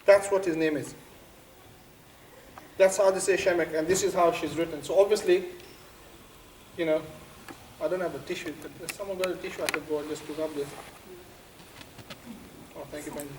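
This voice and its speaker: Man camp teacher, high and fast, questioning the room, recorded from afar in an echoey room. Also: steady tone, a little mellow. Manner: questioning, code-switching into Punjabi. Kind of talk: interactive religious class. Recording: echoey room from a distance, faint noise.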